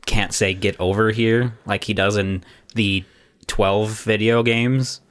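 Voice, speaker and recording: A man's voice: on the low side, fairly even intonation, slow, fairly bright tone, clean tone. A man co-hosting a podcast in casual chat, rambling and laughing often, with many restarts. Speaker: podcast co-host.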